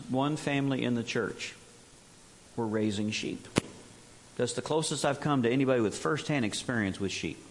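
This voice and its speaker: A man's voice: medium pitch, fairly bright tone. A man in his sixties preaching a folksy, humorous sermon as a missionary, full of rhetorical questions.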